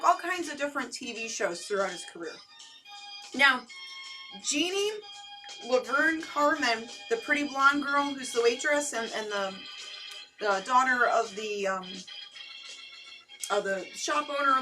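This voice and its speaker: A high, bright-voiced woman with an Ohio accent chats on a live horror movie stream, middle-aged, giggly and eager as she runs through trivia about an old monster film. Faint music plays behind her. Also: low-quality recording. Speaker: horror movie show co-host. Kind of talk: casual live-stream chat.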